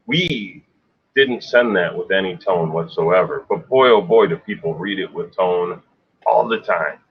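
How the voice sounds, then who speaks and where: A low-pitched, husky man speaks unhurriedly as co-host of a sales talk show, keeping the chat casual yet emphatic and frequently adding rhetorical "right?" asides. The sound is dull and lo-fi.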